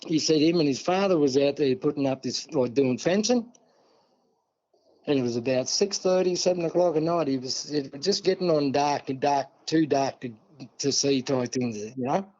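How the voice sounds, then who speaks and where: Aussie bloke yarning away, animated, keeps going off on asides, bit muffled audio. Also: male voice, on the high side, normal speed. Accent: Australian. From Australia. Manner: animated, rambling storytelling with many asides. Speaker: guest storyteller. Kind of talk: casual yarning interview.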